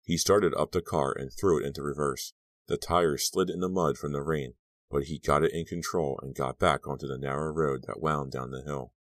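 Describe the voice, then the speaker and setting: Very deep-voiced male audiobook narrator. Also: fairly even intonation, dry recording. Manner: measured, brooding storytelling. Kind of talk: scripted narration.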